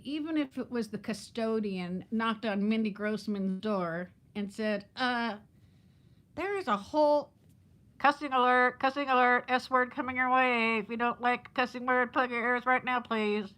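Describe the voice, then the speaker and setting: A woman's voice: on the high side, fairly even intonation, measured pace, fairly bright tone. A woman in her fifties chatting casually on a live stream, laughing often and greeting viewers by name. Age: 50s. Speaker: vlogger hosting a live chat.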